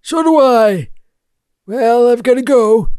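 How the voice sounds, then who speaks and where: A man voicing a slow, muddled, forgetful hotel bell captain in a comedy sketch, speaking in vague deadpan non sequiturs. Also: extremely high pitch, smooth, dry recording, studio quality, heavily acted. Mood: dim.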